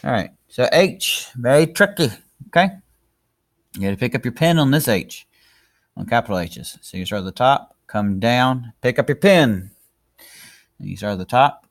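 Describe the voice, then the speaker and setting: A man narrating a handwriting lesson in a chatty, encouraging way while he writes. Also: fairly low pitch. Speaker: handwriting teacher. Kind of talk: casual tutorial narration.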